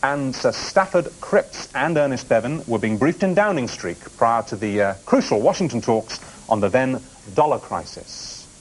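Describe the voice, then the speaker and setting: A man's voice: medium pitch, lively intonation, normal speed, rough recording. A man hosting a TV quiz show in a studio, bantering and teasing the contestants between questions. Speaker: game show host.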